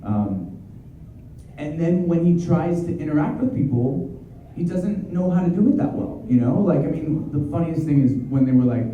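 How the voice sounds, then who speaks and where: A man, a voice actor, answering fan questions at a convention in an excitable, energetic, chatty way. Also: fairly high pitch, moderate pace, slight background noise. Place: convention hall. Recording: dull, distant, very echoey hall.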